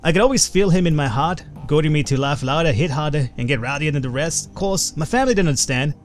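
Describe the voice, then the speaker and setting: A man voicing a rowdy, gruff older male punk-rocker mage in a put-on Irish accent while reading game dialogue. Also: fairly high pitch, fast, soft background music, pitched above the performer's own voice, natural voice. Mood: swaggering.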